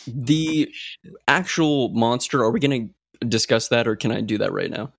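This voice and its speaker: Soft background music plays under clean, echo-free studio audio as a young podcast co-host chats casually at normal speed. His mid-range voice is creaky, and he rambles with lots of fillers and restarts.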